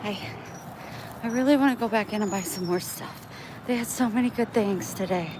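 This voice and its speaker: A woman's voice: medium pitch, a little fast, noisy background. A talkative, upbeat woman chatting with her viewers on a vlog, recorded on a phone outdoors in a parking lot. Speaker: vlogger. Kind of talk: chatty live-stream vlog.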